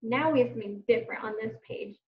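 Kindergarten teacher, woman, high bright voice, slow patient delivery, dull distant recording. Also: reverberant. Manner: slow, encouraging, sounds words out to kids. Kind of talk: phonics lesson for young children. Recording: distant mic, dull lo-fi sound.

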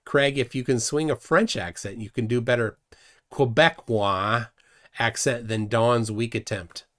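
A man from Minnesota co-hosting a casual livestream aftershow, reading viewer comments aloud with halting restarts. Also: mid-range voice. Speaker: show co-host.

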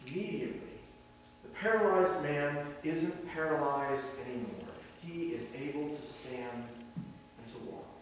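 A man in his thirties preaching a sermon as pastor, conversational and animated, posing rhetorical questions to the congregation. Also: on the high side, measured pace, far from the mic, a little hiss or hum. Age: 30s. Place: church sanctuary. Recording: very echoey hall, heard from afar.

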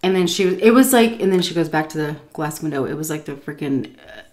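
A woman casually telling a story while eating, animated and swearing freely. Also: deep voice, fast talker. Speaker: vlogger.

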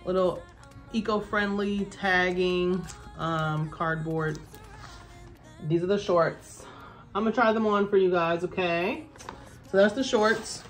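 A young adult woman filming a casual try-on haul at home, chatty and excited, calling viewers y'all and baby. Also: on the low side, slow, long pauses, faint music behind. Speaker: fashion vlogger.

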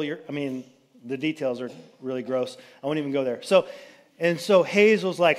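Pastor guy telling a bible story from the pulpit, chatty, little jokes thrown in. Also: on the high side. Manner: chatty, jokey retelling with quick asides. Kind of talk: casual storytelling sermon. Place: church sanctuary.

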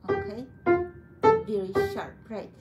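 A woman's voice: very high-pitched, big pitch swings, takes it slowly, gravelly, low-quality recording. A woman with a Russian accent teaching a piano lesson, patient and coaxing, calling her student sweetie. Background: piano playing.

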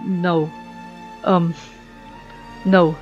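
A woman giving playful gaming commentary as a video host, giggly and excitable, breaking into high squealing outbursts. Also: very slow, muffled recording, soft background music.

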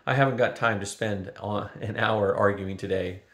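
A man's voice: fairly low pitch, fairly even intonation, moderate pace, a bit bright. An older man voicing a polite, bashful young prince turned to stone, earnest and a bit hesitant. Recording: roomy echo.

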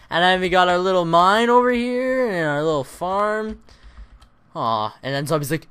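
A man hosting a Let's Play, chatting casually and rambling through his gameplay with self-mocking, excitable asides. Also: sits high, measured pace, clear, resonant tone. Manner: lively, excitable exclamations.

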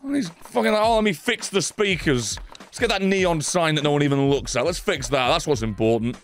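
A man's voice: on the high side, normal speed, a little hiss or hum. A man in his thirties giving live, sweary game commentary, ranting at the game in exasperation. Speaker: gaming streamer.

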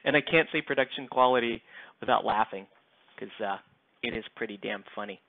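A man's voice: mid-range voice, fairly quick, dry recording. Rambling man on a tinny headset. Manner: rambling, self-deprecating, lots of fillers. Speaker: miniature painting live streamer. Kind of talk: casual live-stream chat while painting. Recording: tinny phone-like sound.

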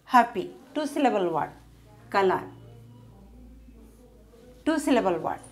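Woman teacher, goes real slow and swoops up and down on words, drills them twice. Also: mid-range voice, very animated, darkish tone. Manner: drills each word twice, asks questions and answers them herself. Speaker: English teacher. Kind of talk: slow grammar lesson, repeating words.

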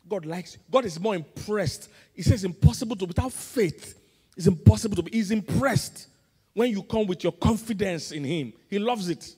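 A man with a Nigerian accent, a pastor preaching a sermon with emphatic call-and-response, swinging between loud and soft. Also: sits high, normal speed, breathy edge, big-room sound. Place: large church auditorium.

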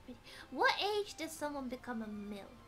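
A woman's voice: sits high, big pitch swings, a little fast, sharp tone. A young British woman chatting playfully while streaming a game, exclaiming as she plays. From Britain. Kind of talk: casual gaming stream chat. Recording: faint background music.

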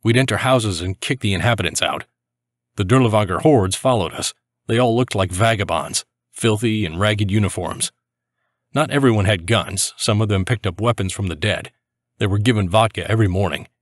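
A man reading a war memoir aloud in the first person, in a steady, grave storytelling manner. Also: on the low side, normal speed, no room sound. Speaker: narrator reading a soldier's memoir. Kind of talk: scripted first-person narration.

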